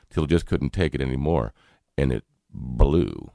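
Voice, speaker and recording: A middle-aged man from North Carolina with a Southern accent, an earnest radio host telling a personal story with halting repeats and frequent chuckles. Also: a bass voice, creaky, darkish tone, dry recording, studio quality.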